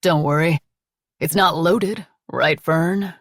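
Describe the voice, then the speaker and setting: A woman's voice: deep voice, slow, no echo, studio quality, full character voice. A woman voicing a defiant, menacing man. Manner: blustering and threatening.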